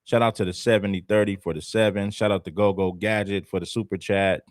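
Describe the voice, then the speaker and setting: A man's voice: on the low side, fairly even intonation, fairly quick, no echo, studio quality. A man from Los Angeles hosting a commentary livestream, talking assertively and repeating his points for emphasis. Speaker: livestream host.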